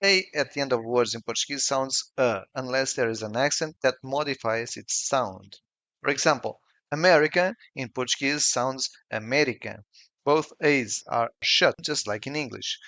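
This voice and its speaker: A man narrating a scripted language lesson in a slow, careful, explanatory way. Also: mid-range voice, bright, forceful tone, no echo. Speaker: language teacher.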